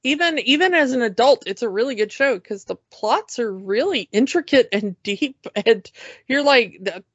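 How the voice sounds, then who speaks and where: A woman's voice: fairly high pitch, animated, moderate pace, husky, dry recording. A woman co-hosting a podcast, chatting casually and emphatically, repeating words for effect. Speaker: podcast co-host. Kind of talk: casual chat. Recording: dull lo-fi podcast mic.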